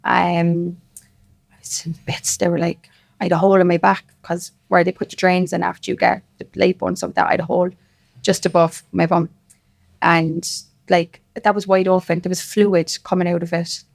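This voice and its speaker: A woman with a Cork Irish accent talks as a podcast guest, her voice carrying a gravelly, creaky texture. She tells her story in loose, rambling, emphatic casual chat. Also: lowish voice, little pitch movement, moderate pace. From Cork, Ireland.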